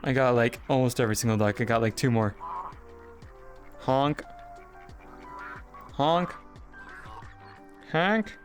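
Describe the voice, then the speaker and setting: A man's voice: racing, few pauses, soft background music. Playful, giggly male streamer. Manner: playful and excitable, giggly, big pitch jumps. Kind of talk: casual live-stream chat while gaming.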